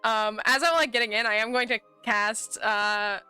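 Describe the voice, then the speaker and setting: A woman playing a tabletop game, talking in an excitable, giggly way with quick restarts. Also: fairly high pitch, smooth, soft background music. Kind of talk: casual tabletop game play.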